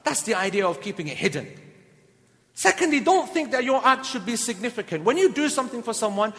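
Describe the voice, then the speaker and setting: A man giving a lively sermon, telling stories and acting out the people in them. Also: very high voice, brisk. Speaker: preacher. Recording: long hall reverb.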